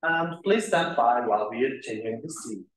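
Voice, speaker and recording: A man's voice: medium pitch, lively intonation, normal speed. A man hosting a conference session, introducing the next speaker in a casual, hesitant way. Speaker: session host. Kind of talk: event moderation. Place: conference room. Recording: echoey room, mic far off.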